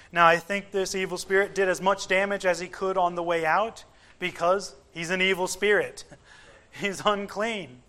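Male preacher, high voice, slow delivery, measured, emphatic, pausing often. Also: sharp tone. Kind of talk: sermon.

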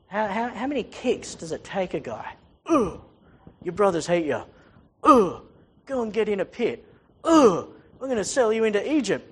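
Preacher giving a sermon, reads the old scripture aloud, then retells it in plain chatty words and hammers points home by saying them again. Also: mid-range voice. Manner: emphatic, repeating phrases for stress.

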